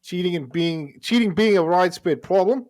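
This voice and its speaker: A chirpy, upbeat Australian bloke, as a man puts on the accent reading a letter aloud. The voice sits noticeably higher and louder than the speaker's usual talk, bright and bouncy on every line. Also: moderate pace, close to an everyday voice. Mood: cheery. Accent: put-on Australian. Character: cheery male Australian listener writing in.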